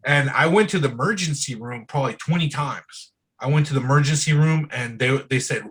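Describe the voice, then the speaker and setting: A man's voice: mid-range voice, a little fast, fairly bright tone, breathy edge, low-quality recording. A man as an interview guest in casual, candid conversation, speaking loosely and frankly and often saying "bro" and "dude".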